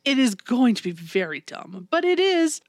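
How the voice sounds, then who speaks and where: A woman's voice: a little high, big pitch swings, moderate pace, no echo, clean studio sound. A woman in casual chat, animatedly retelling a movie plot, swearing freely and acting out the characters' lines.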